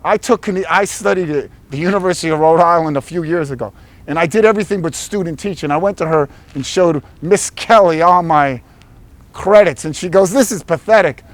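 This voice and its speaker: A man filming casual street interviews on a campus, asking loud, teasing, goading questions. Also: on the high side, fast.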